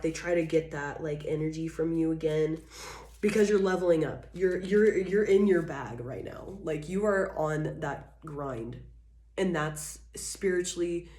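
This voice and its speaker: Low-voiced woman giving a tarot reading. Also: dark tone, roomy sound. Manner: rambling, filler-heavy, blunt and frank. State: coughing repeatedly. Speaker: tarot reader. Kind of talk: casual channeled tarot reading.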